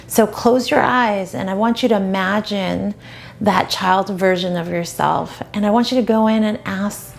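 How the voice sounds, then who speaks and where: Woman coach talking to camera, calm encouraging advice, mid pitch voice. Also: normal speed, vocal fry. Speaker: dating coach.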